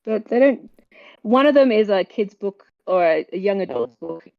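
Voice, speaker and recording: An Australian woman chatting casually as a guest, upbeat and quick to agree. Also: medium pitch, lively intonation, gravelly, narrow, tinny audio. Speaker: guest, actor and audiobook narrator. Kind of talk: casual chat.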